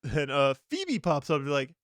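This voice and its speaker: A man co-hosting a movie podcast, rambling loosely and laughing often between thoughts. His voice is smooth and clear, recorded close and dry with no room sound. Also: on the high side, wildly swooping pitch, moderate pace, no echo. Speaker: podcast co-host. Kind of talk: casual movie recap chat.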